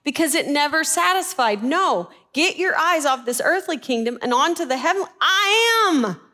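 A woman with a high, light voice teaches scripture to a gathered group. She talks with animated energy, often tossing a question out to her listeners and answering it herself. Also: normal speed. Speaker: Bible teacher. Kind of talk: sermon.

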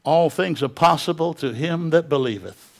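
A man's voice: fairly high pitch, normal speed. A man preaching a sermon as a pastor, telling stories with impassioned, dramatic delivery.

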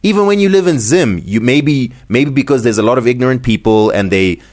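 A man from Zimbabwe co-hosting a podcast, ranting in a casual, animated way and laughing often. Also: medium pitch, fairly quick. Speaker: podcast co-host.

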